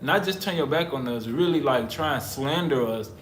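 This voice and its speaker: A man's voice: medium pitch, normal speed. Emphatic man in a roomy, echoey space. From United States. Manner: emphatic, preacherly repetition. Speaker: vlogger, husband in couple channel. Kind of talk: casual talk to camera. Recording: roomy echo, faint background noise.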